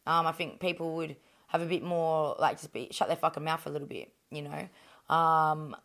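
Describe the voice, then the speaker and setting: A woman's voice: low-pitched, fairly even intonation, normal speed, fairly bright tone. Blunt, swearing Australian woman boxer. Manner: blunt, heavy swearing, many fillers and restarts. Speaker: boxer, interview guest. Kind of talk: candid interview talk.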